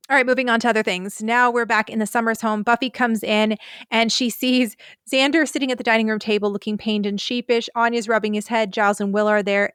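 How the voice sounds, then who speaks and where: A woman's voice: a little high, clear, resonant tone, no room sound, studio quality. A woman co-hosting a podcast, chatting casually and animatedly as she recaps scenes and reads out lines. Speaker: podcast co-host.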